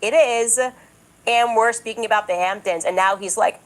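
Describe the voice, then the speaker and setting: A woman's voice: a little high, steady tone, moderate pace, a bit bright, poor audio. Indignant, insistent woman commentator. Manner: emphatic and indignant, insistent repetition; mocks others in a raised, exaggerated voice. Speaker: political commentator. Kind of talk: podcast monologue.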